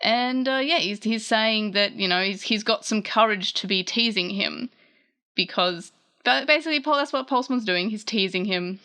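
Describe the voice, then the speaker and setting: A woman hosting a casual manga chapter recap, chatty and animated, often correcting herself mid-sentence. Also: mid-range voice, normal speed, clear, resonant tone.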